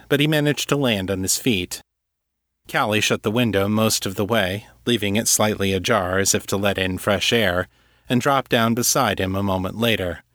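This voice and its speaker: A man narrating a serialized fantasy story in a steady, measured way. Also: lowish voice, no echo, studio quality. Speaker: narrator and author. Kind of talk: scripted audiobook narration.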